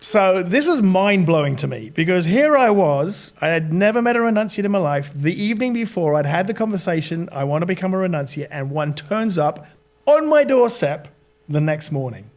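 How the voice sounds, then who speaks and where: A man's voice: high voice, big pitch swings, moderate pace. A middle-aged British man, a podcast guest, telling a long story with many fillers and restarts. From Britain. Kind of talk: storytelling in interview.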